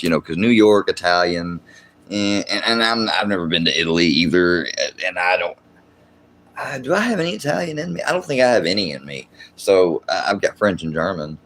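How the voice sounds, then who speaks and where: A man hosting a livestream, ranting in a casual, profane, exasperated way and rambling as he talks to his chat. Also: fairly low pitch. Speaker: livestream host.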